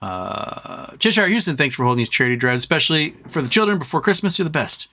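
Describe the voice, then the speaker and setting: A man with a mid-range, sharp-toned voice talks fast and very animatedly while hosting a casual charity livestream. He reads viewer comments aloud and grows teary and emotional as he thanks them. Between comments, he speaks fondly to his pet.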